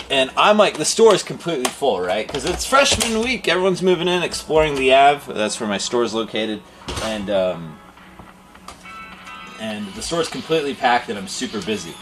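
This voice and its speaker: A man's voice: medium pitch, moderate pace, over music. A man who owns a game store, chatting casually on a livestream and rambling through stories. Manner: rambling storyteller, laughs and animated quoting. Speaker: game store owner and streamer.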